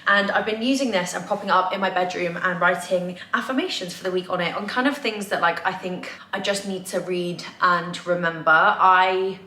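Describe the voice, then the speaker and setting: A woman's voice: lowish voice, normal speed, few pauses, sharp tone. A young woman vlogging casually at home, chatty and candid, full of "like" fillers. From England. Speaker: lifestyle vlogger. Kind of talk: casual confessional vlog. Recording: echoey room, faint ambience.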